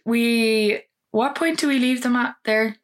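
A woman co-hosting a podcast, talking in a relaxed, chatty way. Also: a little high, unhurried. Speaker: podcast co-host. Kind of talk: casual chat.

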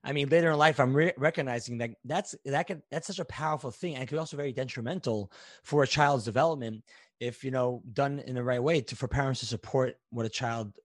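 A man hosts a podcast interview and muses thoughtfully before each question. His voice sits at a middle pitch. The recording is dry and close, with no room sound. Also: fast talker, no echo. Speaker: podcast host. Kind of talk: interview conversation.

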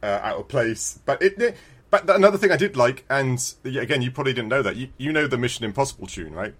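A man's voice: mid-range voice, lively intonation, quick pace, a bit bright, slightly rough. Laughing man chatting about retro games. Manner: rambling, laughs often, frequent restarts. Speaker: podcast co-host. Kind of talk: casual chat about a retro video game.

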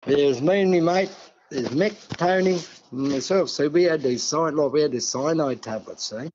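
A man's voice: on the high side, normal speed, darkish tone, muffled recording, slight background noise. Older Australian man, rambling storyteller. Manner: rambling, folksy, peppers talk with "see" and "mate". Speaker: guest. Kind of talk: casual storytelling.

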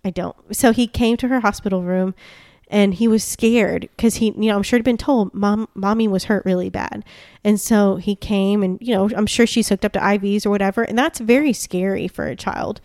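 A woman's voice: mid-range voice, fairly even intonation, moderate pace, darkish tone, no echo, studio quality. A woman co-hosting a casual true-crime podcast, retelling a story conversationally with lots of "like" and "yeah". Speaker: podcast co-host.

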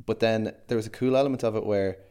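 Male podcast co-host, low-ish voice, loose and animated, casual conversation. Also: fast talker, clear, resonant tone. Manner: rambling, animated film recap. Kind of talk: casual chat.

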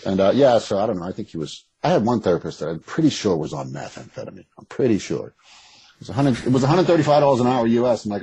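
A man's voice: mid-range voice, animated, quick pace, dark tone, breathy edge, no room sound, poor audio. A man speaking as a guest in an interview, talking candidly and rambling with restarts. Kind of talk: casual interview conversation. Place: West Coast.

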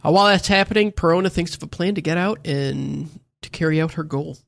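Casual male podcaster, gravelly, dry close sound, loose crude delivery. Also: fairly high pitch, fairly quick, a bit bright, no echo. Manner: laid-back recap, often mimics characters. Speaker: podcast co-host recapping an anime.

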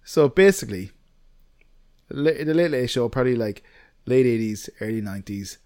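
A man's voice: medium pitch, animated, normal speed, mellow, no echo, studio quality. A man with an Irish accent co-hosting a casual podcast, telling a long story in a rambling way, full of fillers and the odd swear word. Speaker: podcast co-host.

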